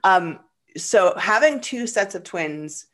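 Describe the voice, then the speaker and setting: A woman guest telling a personal story in conversation, halting and repeating words, then growing lively as the story goes on. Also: mid-range voice.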